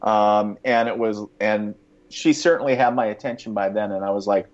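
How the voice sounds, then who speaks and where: A man's voice: on the low side, normal speed, dull audio. A man casually telling a long personal story, rambling with many fillers, restarts and chuckles.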